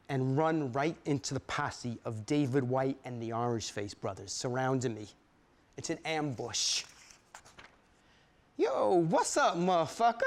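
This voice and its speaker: A man giving a dramatic first-person story reading, vivid and streetwise, peppered with "man" and profanity. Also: mid-range voice. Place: studio stage reading.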